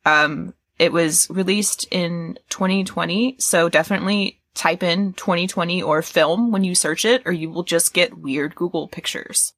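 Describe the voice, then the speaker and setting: A woman's voice: on the low side, fairly bright tone, no echo. A woman co-hosting a film podcast, chatting casually, laughing often and joking. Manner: laughs often, quick and jokey. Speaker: podcast co-host. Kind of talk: casual podcast chat about a horror film.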